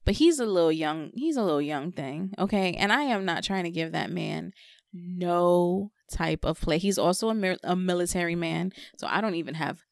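A woman's voice: fairly low pitch, normal speed, creaky, no echo, clean studio sound. A young woman on a podcast, chatting candidly and confessionally and repeating words for emphasis. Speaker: podcast co-host or guest. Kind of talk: casual podcast chat.

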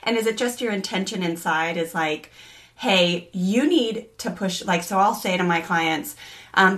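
A woman co-host asks questions in a chatty, meandering way, with plenty of fillers. Her voice sits fairly low for a woman. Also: creaky, fairly bright tone. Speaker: co-host and coach. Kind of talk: podcast interview questions.

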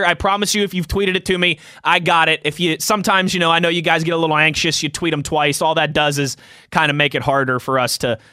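A man's voice: high voice, sharp tone, no echo, studio quality. A young man hosting a sports talk show, chatting loosely and reading out listener tweets, laughing easily. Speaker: sports podcast host.

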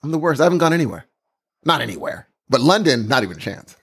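A man's voice: mid-range voice, very animated, fast, a bit bright, husky. A man hosting a casual podcast chat, playful and self-mocking.

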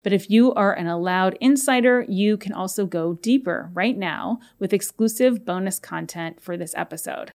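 An upbeat woman hosts a self-help podcast in a middle-range voice. She coaches listeners playfully. Her delivery is lively and warm. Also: mid-range voice, normal speed, few pauses. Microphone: podcast microphone.

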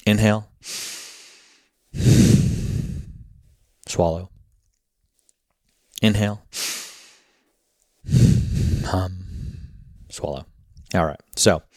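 A man's voice: deep voice, dry recording, studio quality. A man hosting a podcast, talking in a casual, rambling way full of filler words and sounding slightly out of breath. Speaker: podcast host.

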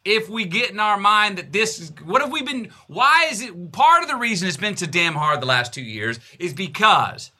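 A Texan man in his fifties, appearing as a guest in a conversational interview, speaks emphatically and repeats phrases. His voice is bright and pushed, very animated, at normal speed with hardly any pauses. His pitch swings widely.

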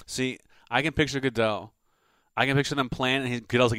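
A man's voice: mid-range voice, steady tone, fairly quick, over loud music. A man co-hosting a podcast, riffing in rambling comedic chat. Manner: rambling, joking riffs. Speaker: podcast co-host.

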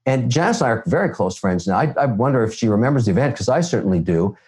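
A Canadian man tells his stories bluntly, and his pitch swings widely as he talks. His voice sits at a middle height for a man. He is answering questions as the guest in an interview. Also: fast talker. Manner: blunt, animated storyteller. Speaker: guest investor.

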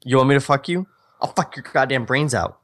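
Brief: a man doing an angry cursing boyfriend, mid pitch, confrontational. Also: fairly quick, fairly bright tone, natural voice. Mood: menacing. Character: jealous furious young man, cursing.

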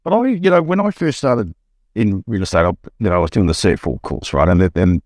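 A middle-aged Australian man, a buyer's agent, telling an animated anecdote on a podcast and acting out the quotes. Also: brisk, dry recording. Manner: storytelling, acts out quotes with rising pitch.

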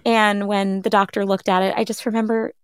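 An earnest woman in her thirties tells her own story in an interview, sitting at an average pitch for a woman. She is reflective and brings the people she talks about to life in quick retellings. Her voice is close and dry, with no room sound. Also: clean tone, dry recording. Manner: earnest, reflective, quotes others in lively retellings. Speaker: podcast host telling her own story.

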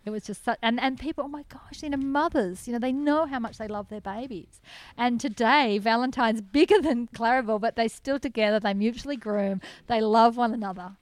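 An Australian woman, a guest in a casual interview, telling animated stories and laughing often. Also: on the high side, brisk, few pauses, no room sound. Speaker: sanctuary founder, guest.

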